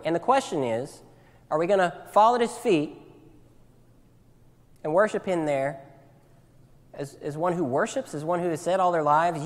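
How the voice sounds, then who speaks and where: A man preaching a sermon in earnest, often repeating his words as he swings between loud appeals and hushed, tender lines. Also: fairly high pitch. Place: church sanctuary. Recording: long church hall reverb.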